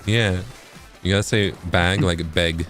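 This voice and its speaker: A man with a fairly low voice chats on a game stream, putting on a mock Canadian accent. He stays deadpan and adds "eh" to the ends of his lines. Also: a little slow, soft background music. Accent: put-on Canadian. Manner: deadpan joking bit, tags lines with "eh". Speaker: co-streamer guest. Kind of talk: casual game-stream chat.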